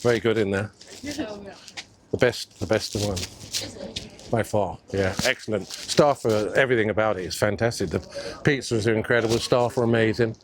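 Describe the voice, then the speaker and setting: A fairly low-voiced man strolling city streets while filming, chatting away to his viewers and thinking out loud. He talks into a mic clipped under his coat, and faint street noise sits behind him. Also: steady tone, a little fast. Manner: chatty, musing aloud, addresses viewers as guys. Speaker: vlogger. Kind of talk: casual walking-tour commentary. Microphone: clip mic under his coat.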